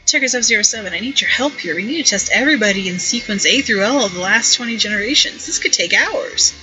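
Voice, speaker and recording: A woman voicing an excitable lab technician in a storybook game, talking in an eager, hurried way. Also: medium pitch, soft background music, rough recording.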